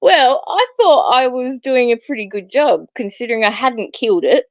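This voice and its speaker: High gravelly-voiced woman guest. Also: expressive, normal speed, dry recording. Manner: laughs often. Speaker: guest on a livestream. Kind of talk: casual chat. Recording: dull, lo-fi call audio.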